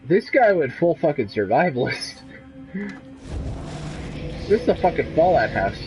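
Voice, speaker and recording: A man's voice: fairly high pitch, very animated, a little slow, a little mellow, faint music behind, poor audio. A man giving profane, sarcastic commentary while streaming a game.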